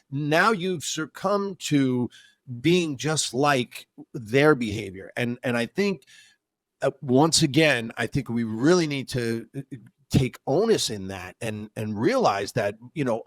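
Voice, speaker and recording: A man co-hosting a podcast in casual chat, telling personal stories with lively acted-out dialogue and frequent stammered restarts. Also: mid-range voice, takes it slowly, dry recording. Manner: animated storyteller who acts out both sides of dialogues. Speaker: podcast co-host.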